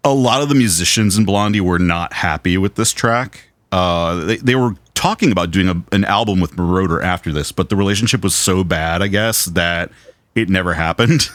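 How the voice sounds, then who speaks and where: Low-voiced animated storytelling podcast man. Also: dry recording. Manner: animated storyteller, swears casually. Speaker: podcast co-host. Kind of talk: casual film chat.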